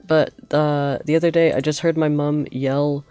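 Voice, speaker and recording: A woman's voice: sits low, level tone, normal speed, few pauses, mellow, smooth, dry recording, soft background music. A young woman streaming a game, chatting and telling rambling stories with frequent giggles. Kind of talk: casual gameplay storytelling.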